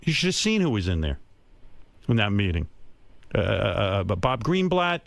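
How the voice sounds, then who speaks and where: A brash, boastful older man holds court on a radio show. His pitch swings all over as he slips into mocking voices for the people in his story. The sound is dry and close on a studio mic. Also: big pitch swings, normal speed, gravelly, dry recording. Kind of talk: crude comedic radio banter.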